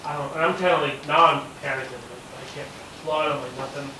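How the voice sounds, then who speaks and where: A man telling a hunting story in casual chat, animated, acting out quotes and swearing freely. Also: mid-range voice, fast talker. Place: hunting camp gathering. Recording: echoey, distant, noisy camp recording.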